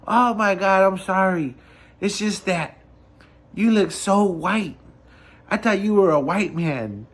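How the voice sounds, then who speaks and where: A chatty street-vendor lady, friendly and quick to laugh at her own mix-up, as a man puts her on while telling a story. Her voice jumps up high and bright, and she sounds warmly apologetic and teasing. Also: expressive, full character voice.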